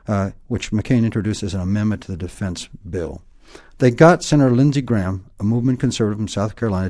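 A man's voice: fairly low pitch, mellow. A man explaining points emphatically in an interview, lecturing and often tagging points with "okay?". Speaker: guest expert.

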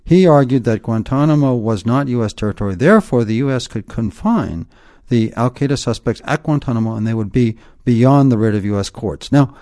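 Mellow-voiced man lecturing emphatically. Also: medium pitch, expressive, fairly quick. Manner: emphatic, lecturing, tags points with "okay?". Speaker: guest expert. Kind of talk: explanatory interview talk.

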